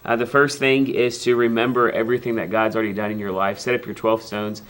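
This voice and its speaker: A man's voice: fairly low pitch, little pitch movement, quick pace, a bit bright. A man hosting a devotional talk show in a TV studio, earnest and hesitant with many ums. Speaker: pastor, host.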